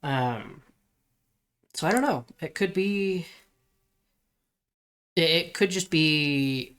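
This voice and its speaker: Slow, hesitant young podcast man. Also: a little high, expressive, fairly bright tone, smooth. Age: 20s. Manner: slow, hesitant, thinking aloud. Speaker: podcast co-host. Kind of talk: casual brainstorming chat.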